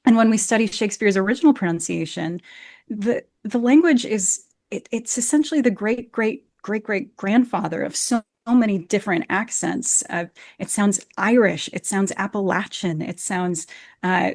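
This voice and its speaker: A woman's voice: medium pitch, normal speed, darkish tone, no room sound, studio quality. An American woman, an actor and Shakespeare coach, talking earnestly and passionately in an interview over a video call, often repeating words as she starts a phrase. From United States. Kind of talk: conversational interview. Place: home room, video call.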